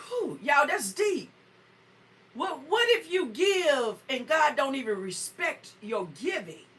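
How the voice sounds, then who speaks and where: A woman preacher from North Carolina, preaching fervently with frequent whoops and shouts and greeting listeners by name. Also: high voice, recorded from a distance. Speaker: preacher on a morning show. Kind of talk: sermon.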